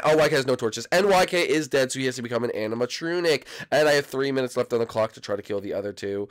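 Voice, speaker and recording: Excitable man doing gameplay commentary. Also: moderate pace. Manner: excitable, breaks into shrill squealing greetings. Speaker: gaming video host.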